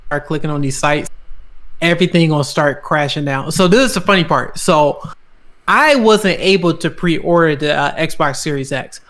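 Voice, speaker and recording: Dude on a gaming podcast, hyped storytelling, kinda high voice, swears a lot. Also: male voice, moderate pace. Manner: excitable storyteller, swears, laughs often. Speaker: podcast host. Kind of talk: casual chat.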